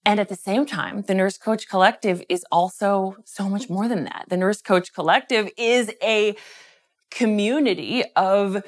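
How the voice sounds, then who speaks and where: A woman's voice: medium pitch, unhurried. A middle-aged woman co-hosting a podcast in casual chat, upbeat and enthusiastic, laughing often. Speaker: podcast co-host.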